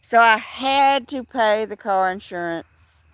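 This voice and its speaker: A woman's voice: on the high side, slow pace, smooth, no room sound. A middle-aged woman hosting a casual livestream, rambling with many fillers and restarts as she answers viewers in chat. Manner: replies to chat viewers by name. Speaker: livestream host.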